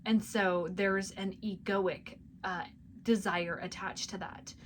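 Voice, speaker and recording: A woman sharing an intuitive spiritual message with her viewers, speaking softly and intimately, often dropping to a near-whisper, with plenty of casual fillers. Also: medium pitch, steady tone, slow, a little hiss or hum. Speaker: spiritual reader and channel host.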